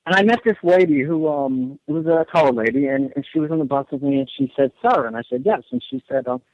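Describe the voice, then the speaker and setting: A man's voice: medium pitch, quick pace, no room sound, highs cut off. A man as a radio show guest, talking earnestly in long rambling runs and often repeating his words. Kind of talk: casual radio interview.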